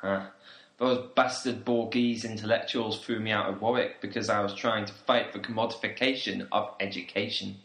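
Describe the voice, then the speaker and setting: A man plays a pompous young male revolutionary from England who preaches at everyone. His bright tone rings out in an echoey room. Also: lowish voice, steady tone, moderate pace. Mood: smug. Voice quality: pompous, speechifying. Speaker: student activist on a volunteer trip.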